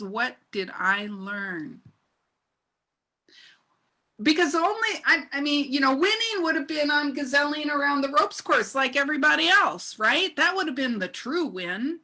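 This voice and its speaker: A woman's voice: high voice, bright, forceful tone. A middle-aged woman minister giving a sermon, telling a story with laughter and asking her congregation questions.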